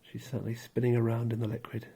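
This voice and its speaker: A male storyteller with a gravelly, husky voice narrates calmly. He speaks softly and draws out his phrases, pausing between them. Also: mid-range voice.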